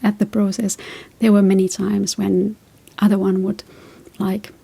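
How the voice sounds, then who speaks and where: Husky, gravelly woman giving gentle advice. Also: mid-range voice, flat delivery, measured pace. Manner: reflective, tells personal stories. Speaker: relationship advice host. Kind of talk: casual advice talk.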